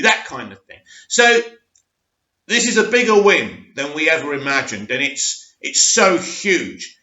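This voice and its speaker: A man hosting a movie-news vlog, his high, bright voice bouncing around an echoey room. He rambles excitably and keeps restarting his sentences. The recording sounds dull and lo-fi. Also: a little slow. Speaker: movie news channel host. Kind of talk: casual opinion vlog.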